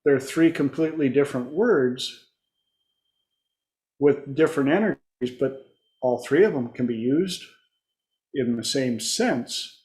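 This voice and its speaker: A man's voice: mid-range voice, a little slow, pauses often, a little mellow, echoey room. A man hosting a coaching talk. He rambles and digresses, with many fillers. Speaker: life coach host.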